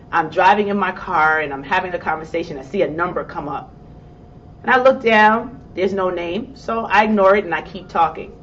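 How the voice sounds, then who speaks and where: A woman with a New York accent tells a motivational story from a stage and acts out her own excited reactions. She sounds set back from the microphone, and the recording is dull and muffled. A faint rumble hums underneath her voice. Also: distant mic. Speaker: motivational speaker.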